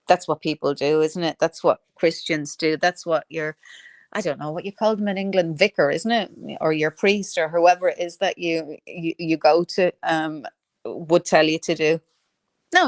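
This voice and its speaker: A woman's voice: lowish voice, dry recording. Woman, live-stream host, sarcastic, profane, laughs a lot, dry close sound. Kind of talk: casual live-stream chat reading viewer comments.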